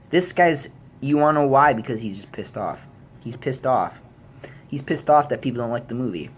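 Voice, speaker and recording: A man's voice: moderate pace, breathy edge. Fired-up man ranting with profanity. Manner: heated and profane, voice jumping into high yells. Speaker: YouTube vlogger. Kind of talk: angry movie rant.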